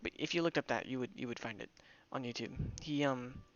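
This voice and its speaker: A man's voice: mid-range voice, a little fast, a bit bright, lo-fi sound. A young man chatting loosely while streaming a game, rambling with many restarts. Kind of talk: casual gameplay commentary.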